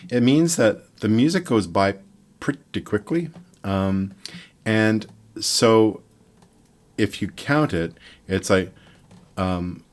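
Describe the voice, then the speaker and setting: An older man from Montreal giving a relaxed, rambling online guitar lesson, counting beats and scatting rhythms aloud. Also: lowish voice. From Montreal, Quebec, Canada. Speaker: guitar teacher.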